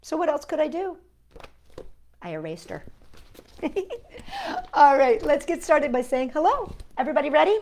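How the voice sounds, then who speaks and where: A woman hosting a children's storytime, talking gently to a puppet and to young viewers. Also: high voice, huge pitch swings, unhurried, pauses often, slight background noise. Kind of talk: storytime reading and sing-along for children.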